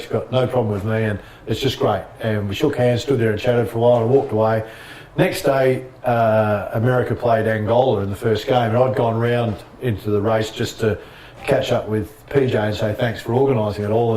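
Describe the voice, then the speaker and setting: Guest spot: fast-talking middle-aged Australian man spinning animated sports yarns, voice slightly distant in an echoey room. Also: medium pitch, a little hiss or hum. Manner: animated anecdotes, laughs often. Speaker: former basketball player, guest. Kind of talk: casual storytelling interview.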